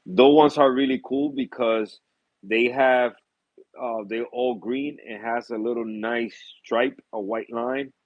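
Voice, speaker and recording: Male hobby vlogger, mid-pitched, chatty and self-deprecating, dry slightly muffled home recording. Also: fairly even intonation, takes it slowly, no echo. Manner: rambling, apologetic, laughs often, many fillers. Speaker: reef tank hobbyist vlogger. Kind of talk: casual chat.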